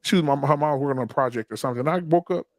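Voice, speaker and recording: A middle-aged man co-hosting a podcast, telling stories in a blunt, profane, animated way. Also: on the high side, rapid-fire, dry recording. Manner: blunt, profane, animated storytelling with acted quotes. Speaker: podcast co-host. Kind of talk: casual group chat, storytelling.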